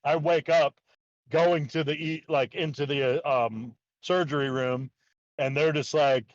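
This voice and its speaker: A man's voice: on the high side, fairly even intonation, a little slow, dry recording, highs cut off. A man telling a long story in casual talk, rambling with lots of "like" and acting out what others said. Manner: rambling, heavy use of "like", acts out quotes. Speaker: guest, BMX park builder.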